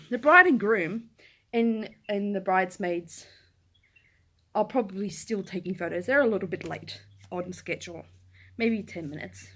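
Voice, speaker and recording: A woman's voice: medium pitch, measured pace, pauses often. A young woman telling a story to camera in a casual rant, swearing, laughing and acting out what people said. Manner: animated, swears, breaks into laughter, acts out quotes in shouts. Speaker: vlogger. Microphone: camera in front of her.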